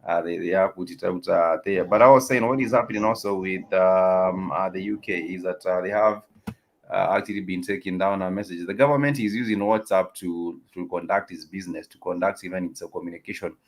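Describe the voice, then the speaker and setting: A man's voice: deep voice, steady tone, a little fast. A man co-hosting a live talk show, speaking hesitantly with many filler sounds. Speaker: co-host.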